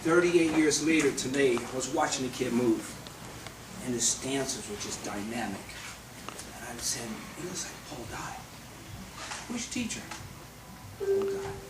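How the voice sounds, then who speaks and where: A man in his sixties, a martial arts elder, telling a low-key anecdote at a ceremony. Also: lively intonation, a little slow, long pauses. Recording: echoey room, distant, loud noise.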